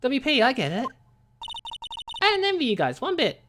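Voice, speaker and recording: A woman voicing a chipper young female studio assistant with a high put-on voice. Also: huge pitch swings, normal speed, background noise. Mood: chirpy.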